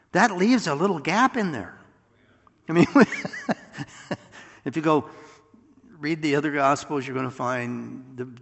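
A man preaching a sermon in an animated way, with chuckling asides and rhetorical questions to the congregation. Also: mid-range voice, creaky, long reverb tail.

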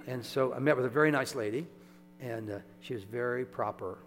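A man preaching a sermon in a relaxed, conversational storytelling way, often checking in with his listeners. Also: medium pitch, quick pace. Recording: echoey hall with mains hum.

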